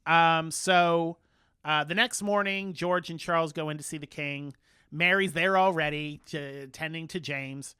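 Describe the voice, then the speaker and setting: A man co-hosting a podcast, recapping a TV episode in casual chat, animated and full of playful quoted voices. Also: fairly high pitch, unhurried, clean tone, no room sound, studio quality. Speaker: podcast co-host.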